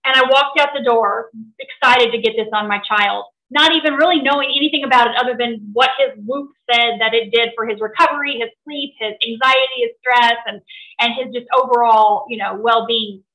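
Bright-voiced woman telling a story. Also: on the high side, fairly quick, reverberant, rough recording. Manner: animated, laughing storyteller. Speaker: presenter. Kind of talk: storytelling talk to an audience.

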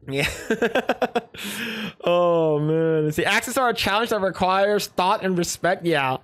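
A man's voice: high voice, takes it slowly, fairly bright tone, smooth, no room sound. A man chats loosely to his livestream audience, restarting sentences and repeating words as he goes. He reads viewer comments aloud and reacts in a plain, everyday voice. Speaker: livestream host.

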